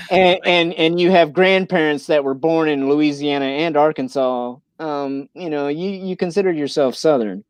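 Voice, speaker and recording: A man's voice: on the high side, a little slow, clear, resonant tone, no echo. A man from Missouri hosting a casual livestream chat, rambling with lots of fillers and restarts. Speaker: livestream host.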